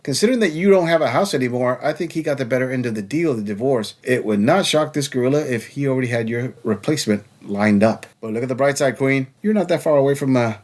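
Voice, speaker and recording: Male commentary host, mid-pitched, sarcastic and mocking delivery.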